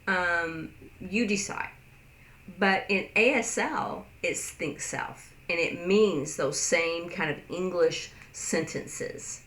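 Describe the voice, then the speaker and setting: A woman with a slightly low voice explains a sign language phrase at an unhurried pace, full of fillers and asides. She jumps into a higher voice when she acts out what people say. The room around her rings with echo. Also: lively intonation, a bit bright. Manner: rambling, many fillers, acts out quoted lines in a higher voice. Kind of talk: casual explanatory lesson.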